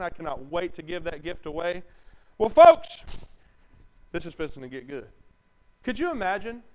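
A male pastor with a drawl delivers a sermon in a fairly high voice. He prompts the church to call back answers and moves between hushed, close talk and full shouts. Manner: call-and-response preaching, swinging from quiet talk to shouting.

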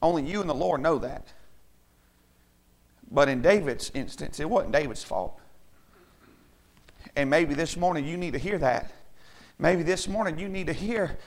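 A man preaches to his church in a high-pitched voice. His tone is rough and gravelly. He swings between loud, emphatic calls and hushed, homely asides. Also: measured pace, pauses often. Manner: swings from shouting to quiet, folksy and emphatic. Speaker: pastor. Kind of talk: sermon.

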